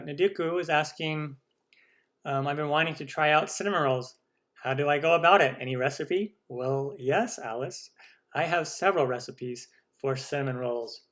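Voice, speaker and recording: A man runs a live question-and-answer stream for his cooking channel, reading viewer questions aloud and answering them in a chatty, enthusiastic way. His voice sits a little higher than most men's. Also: fairly bright tone.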